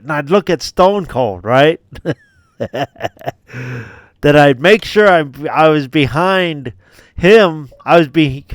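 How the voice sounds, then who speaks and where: A man's voice: fairly high pitch, clear, resonant tone, dry recording, clean studio sound. A man hosting a gaming video, casually telling a laid-back story with frequent laughs and free swearing. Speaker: gaming channel host.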